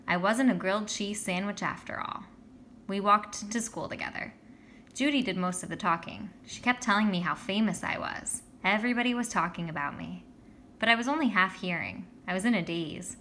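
A woman narrating a children's story in the first person with a lively, expressive reading. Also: medium pitch, normal speed, a little hiss or hum. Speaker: audiobook reader.

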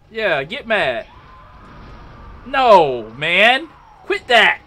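A young man commentating his own gameplay, trash-talking a boss with loud yelps and exclamations. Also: high-pitched, big pitch swings, moderate pace. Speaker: gamer playing a boss fight.

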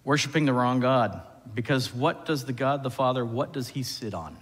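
A male pastor delivers a lively sermon, throwing questions out to his congregation. His voice sits in an ordinary middle register. It rings out with the long reverb of a church hall. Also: medium pitch, normal speed. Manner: animated, asks the congregation questions. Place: church sanctuary.

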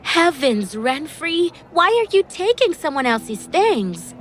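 A woman's voice: sits high, very animated, measured pace, a bit bright, slight background noise, pitched above the performer's own voice, exaggerated voice. A woman voicing a scheming young woman who speaks in a falsely sweet, tender way in a storybook.

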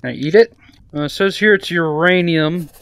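A man with a high, bright voice reacts loudly to his VR game. He swears and trash-talks the enemies. Steady game noise runs under his voice. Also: normal speed. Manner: excitable, profane trash talk at game enemies. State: out of breath at times. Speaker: gaming video host. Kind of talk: VR gameplay commentary.

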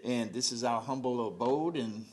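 Pastor giving brief welcoming remarks. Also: male voice, medium pitch, normal speed, heavy background noise. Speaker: pastor, organization president.

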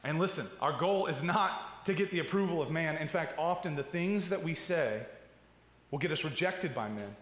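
Casting note: man in his thirties, pastor giving a chatty sermon, slightly high voice, big roomy reverb. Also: a bit bright. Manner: conversational preaching with asides and repeated "right?". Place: church sanctuary. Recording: roomy hall with long reverb.

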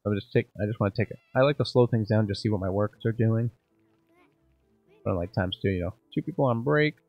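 A man's voice: lowish voice, fast talker, no room sound, highs cut off, soft background music. A man casually commenting while playing a game, thinking aloud and joking about himself. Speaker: gaming channel host. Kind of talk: let's play commentary.

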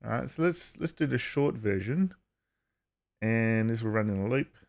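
A man giving casual vlog commentary, halting with frequent uhs and restarts and chuckling as he talks. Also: medium pitch, lively intonation, creaky, a little mellow. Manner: chuckles while talking. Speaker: YouTube commentator.

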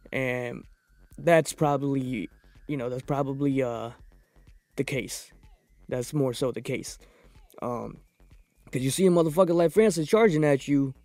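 Profane, excitable young man reviewing fights. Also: a little high, no room sound. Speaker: podcast host. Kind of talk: casual fight review monologue.

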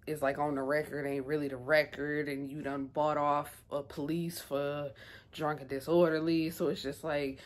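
Woman vlogger reviewing an episode, low-pitched, loose and talkative, rambles with fillers. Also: little pitch movement, moderate pace. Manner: chatty, rambling, many fillers. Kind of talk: casual episode recap.

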